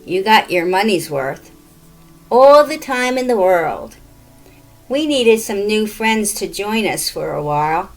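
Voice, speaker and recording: A woman voicing an eerie old ghost woman who speaks in a slow, sugary, menacing way. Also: mid-range voice, animated, faint music behind, poor audio. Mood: gloating.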